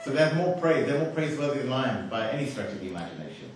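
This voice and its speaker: A man's voice: mid-range voice, sing-song, racing, a little hiss or hum. Man lecturing in an echoey hall. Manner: conversational, asks the audience questions, wry humour. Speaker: speaker giving a religious talk. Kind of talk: lecture to an audience. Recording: echoey hall, voice from far off the mic.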